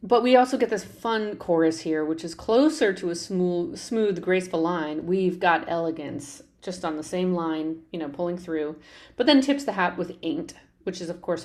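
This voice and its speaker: A woman's voice: fairly low pitch, a little mellow. A woman podcast host talking through a show tune's lyrics in a conversational, explanatory way, with frequent fillers and restarts. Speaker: podcast host analyzing a musical. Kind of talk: conversational analysis.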